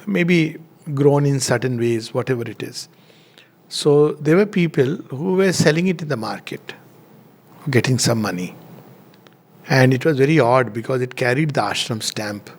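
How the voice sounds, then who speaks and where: A man's voice: mid-range voice, gravelly, slightly rough. A middle-aged man giving a spiritual talk, telling anecdotes with frequent chuckles. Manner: chuckles often while telling stories. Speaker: spiritual speaker.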